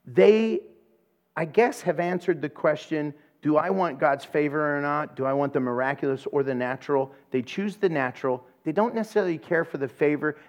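A man preaching a sermon, telling a funny personal story in an animated way and acting out the voices of the people in it. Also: on the high side, normal speed. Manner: animated storyteller, acts out voices and laughs at his own jokes. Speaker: pastor.

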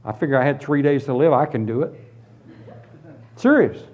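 A man telling his conversion story as a sermon, with lively storytelling that moves from hushed tones to shouted praise. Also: mid-range voice, normal speed, dull audio. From Florida, US. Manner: animated storytelling, drops to hushed tones then bursts into shouts. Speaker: preacher giving testimony. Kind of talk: testimony sermon.

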